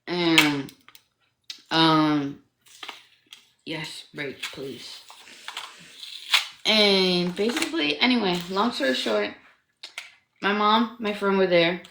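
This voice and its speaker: A woman's voice: mid-range voice, drawn-out words, long pauses, roomy sound, noisy background. A young woman in her twenties from Canada, telling a personal story in casual livestream chat, rambling and profane, with constant fillers like "like". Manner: rambling, profane, heavy use of "like".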